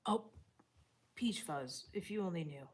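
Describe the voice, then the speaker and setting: A woman's voice: on the low side, expressive, unhurried, husky. A woman livestreaming casually outdoors, reading chat and talking to viewers, often dropping into whispers and bursting into laughs. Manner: chatty, drops to whispers and laughs.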